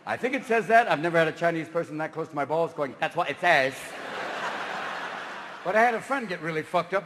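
A man from California doing a live stand-up routine on stage, talking manically and shouting as he jumps between silly voices. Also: high voice, noisy background. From Marin County, California, USA. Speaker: stand-up comedian. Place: stage in a large theater. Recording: reverberant live hall with ambience.

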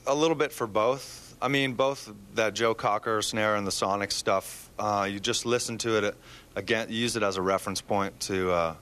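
Man, musician guest, casual interview, joking, halting with fillers, low-ish voice. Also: steady tone, a bit bright, smooth.

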